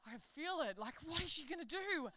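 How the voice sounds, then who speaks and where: A woman giving a sermon at a conference, chatty and animated, joking and laughing at her own stories. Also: high-pitched, fairly quick, dry recording. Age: adult. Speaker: conference speaker, pastor.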